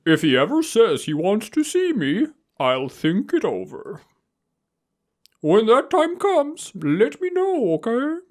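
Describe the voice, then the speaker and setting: A woman's voice: fairly high pitch, sing-song, slow pace, pitched above the performer's own voice. A woman voicing a flamboyant, airy male pigeon nobleman in a visual novel game, reading a letter in a theatrical sing-song.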